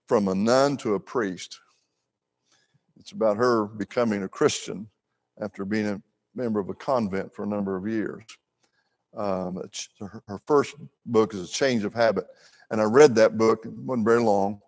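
An older man teaching a church Bible class in an earnest, folksy way, with asides to his listeners. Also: lowish voice.

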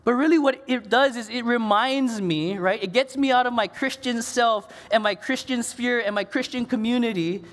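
A man's voice: extremely high pitch, moderate pace, few pauses, a bit bright. A male pastor preaching a conversational sermon, often repeating words as he builds up. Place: church sanctuary. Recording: long church reverb.

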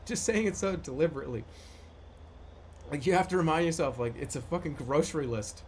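A man streaming a video game, commenting live, often yelling, laughing and repeating phrases over and over. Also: sits high, a little slow, long pauses, a little hiss or hum. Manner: excitable, yelling and laughing a lot.

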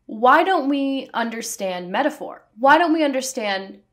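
Sassy, animated woman vlogger. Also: high voice, measured pace. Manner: sassy, self-aware. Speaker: video essayist. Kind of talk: casual commentary to camera.

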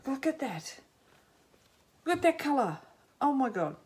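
A middle-aged Australian woman chatting casually as a knitting podcaster at home, rambling and self-mocking, with frequent ums and quick laughs. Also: high-pitched, very animated, a little mellow. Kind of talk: casual chat to camera. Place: home, in sunshine.

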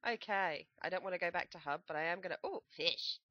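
A young woman chatting through a video game with a playful, self-mocking, joking manner. Her voice is bright and forward, recorded dry and close. She talks casually to her viewers. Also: on the low side, fairly quick, no room sound, dull audio. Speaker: gameplay commentator. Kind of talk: let's play commentary.

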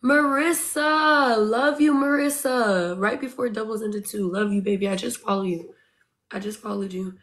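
A woman's voice: mid-range voice, fairly even intonation, brisk. A woman streaming live, eagerly urging her viewers on and thanking them by name in casual chatter. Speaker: livestreamer.

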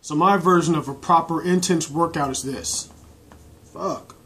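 A man's voice: on the high side, unhurried, a bit bright, a little hiss or hum. Blunt, profane man ranting to a laptop. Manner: blunt, slangy, heavy swearing. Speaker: bodybuilder vlogger. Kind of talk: casual profane rant to camera. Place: indoor room lit by laptop and corner lamp. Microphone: laptop webcam.

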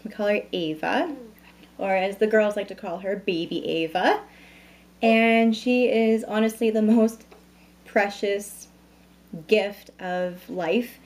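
A woman's voice: mid-range voice, slow pace, darkish tone. A woman in her thirties chatting at home into a camera mic, bubbly and talkative, introducing products and a new baby. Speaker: beauty vlogger. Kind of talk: casual vlog chat.

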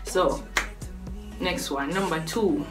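Chatty Jamaican woman vlogging, low voice. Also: takes it slowly, recorded from a distance. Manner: chatty, laughs between points. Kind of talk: casual talk to camera. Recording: voice a bit off-mic with faint music behind.

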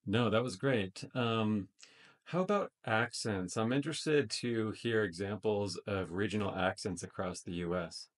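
A man's voice: fairly low pitch, a little slow. A man casually testing a voice assistant in a tech demo video, speaking loosely with frequent ums. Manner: casual, tentative, many fillers.

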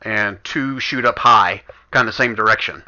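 A man's voice: fairly low pitch, moderate pace, pushed and bright. A man running a tabletop game as game master, talking casually and thinking aloud as he moves pieces on the map. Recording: dull lo-fi voice chat audio.

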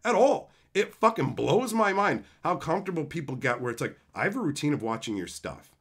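A man's voice: fairly high pitch, big pitch swings, brisk, a bit bright. A man streaming live, ranting in an exasperated, profane way about entitled viewers. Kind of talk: livestream rant.

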